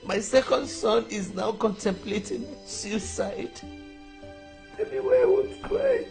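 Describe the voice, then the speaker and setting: A woman's voice: wildly swooping pitch, slow pace, vocal fry, a little mellow, heavily acted. An actress playing a grieving mother who pleads and weeps. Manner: weeping, pleading, swings high and low. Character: grieving middle-aged mother, weeping, desperate. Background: background music.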